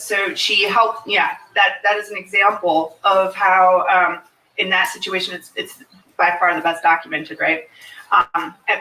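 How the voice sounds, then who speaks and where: An earnest woman explaining hypnosis to a fair audience, her tone bright and forceful, checking in with listeners as she goes. She is picked up from a distance in an echoey indoor space, with faint ambient noise behind. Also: mid-range voice. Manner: earnest, often checks in with "okay?". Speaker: hypnosis practitioner. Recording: echoey room, mic far off.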